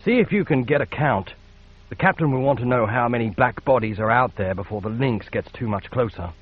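Dude doing a clipped officer guy, husky, dull lo-fi sound. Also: mid-range voice, brisk, lightly acted. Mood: terse. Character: male data master, senior officer.

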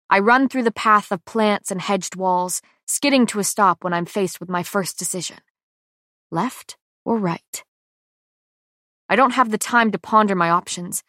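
A woman reads a first-person audiobook in a tense, dramatic manner, often dropping to hushed lines. Her voice sits at an ordinary middle pitch. The booth recording is close-miked and completely dry, with no room sound. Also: no echo. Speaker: audiobook narrator.

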